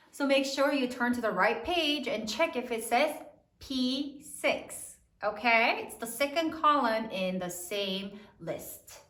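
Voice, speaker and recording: A woman teacher leading a spelling lesson, slowly sounding out words letter by letter for young pupils. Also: high-pitched, a bit bright. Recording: echoey room, mic at a distance.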